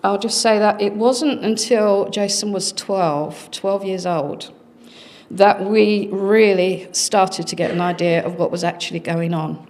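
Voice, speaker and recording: A middle-aged woman speaking at a conference, earnestly recounting a family experience with dramatic pauses. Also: medium pitch, darkish tone. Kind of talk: personal storytelling talk.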